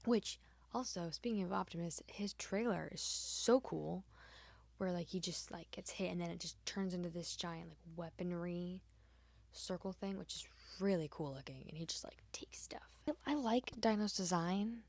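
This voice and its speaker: A woman hosting her art channel, chatting casually over a speedpaint with lots of fillers, often dropping into a soft whisper. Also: on the low side, normal speed, creaky, no room sound.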